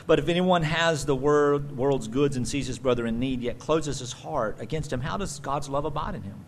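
A man preaching a sermon as pastor, swinging from loud emphatic bursts to quiet conversational asides. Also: mid-range voice, normal speed, a little hiss or hum.

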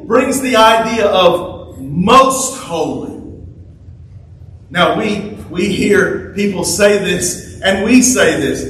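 Slow, high-voiced male preacher in echoey sanctuary. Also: animated, fairly bright tone. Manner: slow, deliberate preaching with emphatic repetition. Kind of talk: sermon. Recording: echoey room, speaker far from mic, faint noise.

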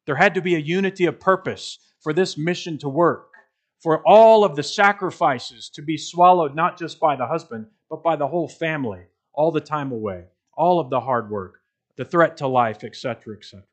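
A man preaching a sermon as pastor, telling a story and then building emphatic, repeated points. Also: on the high side. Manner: emphatic preaching with rising intensity and measured repetition.

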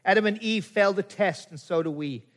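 Middle-aged male pastor, high voice, conversational sermon full of rhetorical questions, long church-hall reverb. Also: a little fast, fairly bright tone. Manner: conversational, asks the congregation many rhetorical questions.

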